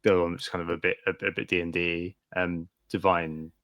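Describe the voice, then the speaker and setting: Co-host: man, low gravelly voice, dry close mic, halting chatter. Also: level tone, fairly bright tone, dry recording. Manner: hesitant, many ums and restarts. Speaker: podcast co-host. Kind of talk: casual chat.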